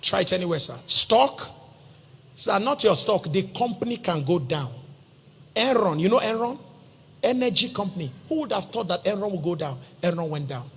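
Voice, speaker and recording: A man's voice: high voice, big pitch swings, moderate pace, breathy edge. A Nigerian man preaching a sermon as a pastor, telling a story with humor and calling his listeners sir. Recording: long hall reverb.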